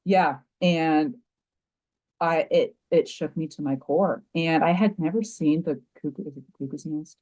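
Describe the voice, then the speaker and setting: A middle-aged woman with a low-leaning, mellow, warm voice speaks as a podcast guest. She tells a personal story candidly, stopping and restarting her sentences and filling gaps with "like" and "you know.". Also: poor audio. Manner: halting, frequent restarts and "like". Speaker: nurse and mindset coach, podcast guest.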